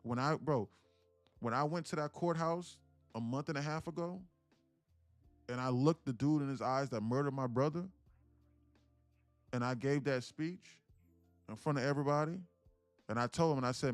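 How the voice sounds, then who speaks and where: A man's voice: mid-range voice, fairly quick, long pauses, dry recording. Emphatic man in his thirties, dry mic. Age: about 30. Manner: emphatic, repetitive, keeps saying "listen, look"; swears casually, heartfelt storytelling. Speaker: day trading streamer. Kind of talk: live stream talk to viewers. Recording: dry close mic with faint music behind.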